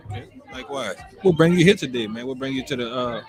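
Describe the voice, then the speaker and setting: Fast-talking upbeat podcast host. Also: male voice, mid-range voice, a crowd in the background. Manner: upbeat, quick hype-man greetings. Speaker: podcast host interviewing a guest. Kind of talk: casual live interview. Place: live at a church health fair. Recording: music playing in the background.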